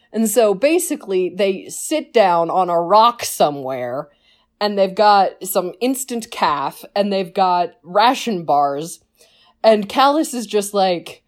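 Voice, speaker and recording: A woman's voice: mid-range voice, animated, unhurried, darkish tone. A woman casually retelling a story in a chatty, enthusiastic way, with lots of fillers.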